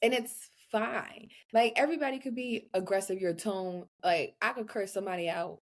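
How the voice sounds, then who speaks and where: A woman's voice: mid-range voice, brisk. Blunt, profane young woman podcast co-host. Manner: blunt, profane, animated storytelling. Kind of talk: casual chat.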